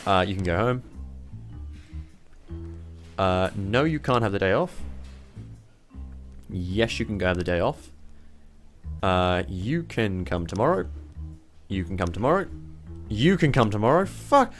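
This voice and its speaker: A man's voice: fairly low pitch, expressive, measured pace, long pauses, faint music behind. A man giving let's play commentary, thinking aloud in a rambling way and swearing casually. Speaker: gamer playing a police management game.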